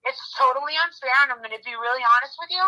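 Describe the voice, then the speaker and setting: A female true-crime YouTuber chats casually, retelling events in a blunt, rambling way with lots of restarts and some swearing. Her voice is high and sharp, she talks very fast, and the recording is rough.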